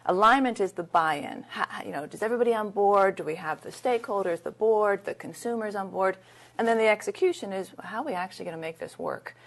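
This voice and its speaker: A woman's voice: mid-range voice, fast. A middle-aged woman as an interview guest, talking in a candid, anecdotal, conversational way. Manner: candid, anecdotal, lively retelling. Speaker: interview guest, leadership consultant. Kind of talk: conversational storytelling.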